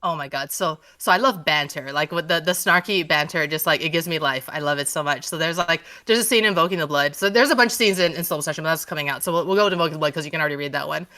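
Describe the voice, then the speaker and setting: A woman's voice: low voice, very fast, hardly any pauses, bright, forceful tone. A woman author in a casual podcast interview, gushing and swearing freely as she rambles with many restarts.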